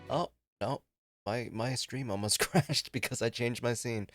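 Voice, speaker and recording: A man's voice: medium pitch, unhurried, fairly bright tone, soft background music. A man in his twenties chatting casually on a game livestream, rambling and swearing freely, with plenty of fillers and restarts. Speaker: game streamer.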